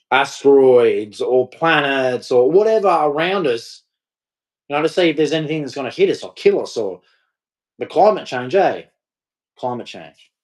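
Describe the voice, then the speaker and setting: A man ranting to camera in a scornful, mocking, rambling way. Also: medium pitch. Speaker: vlogger. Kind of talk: casual rant to camera.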